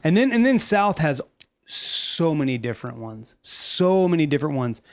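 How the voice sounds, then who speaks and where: Man host, lively, jokey, breaks into bits. easy casual podcast chat. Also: a little high, moderate pace. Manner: animated, laughing, slips into joking voices.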